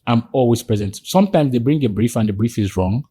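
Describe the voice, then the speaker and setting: A man's voice: lively intonation, brisk, dark tone, husky. A man, a podcast guest telling stories in conversation and acting out the voices of the people in them. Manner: acts out quoted dialogue with sudden high jumps in pitch. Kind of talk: animated storytelling in conversation.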